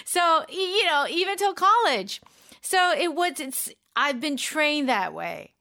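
A woman's voice: high-pitched, very animated, measured pace, pushed and bright. A middle-aged woman hosting a casual English lesson, explaining patiently and mimicking how phrases sound. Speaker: English teacher host.

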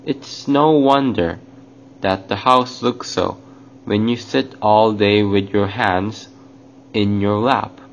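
A man's voice: fairly low pitch, fairly even intonation, slow. A man doing a cross, scolding storybook husband. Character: cross, frustrated young husband. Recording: dull lo-fi, faint hiss.

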